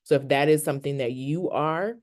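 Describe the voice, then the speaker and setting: A counselor giving an online workshop over a video call, talking in a relaxed, conversational way and often checking in with "right?". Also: mid-range voice, brisk.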